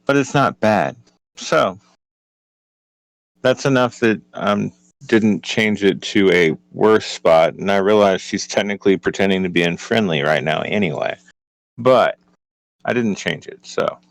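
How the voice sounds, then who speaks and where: Low-voiced male tabletop player. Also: measured pace, creaky, dry recording, low-quality recording. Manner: chatty, describes his actions. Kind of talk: tabletop game play, casual.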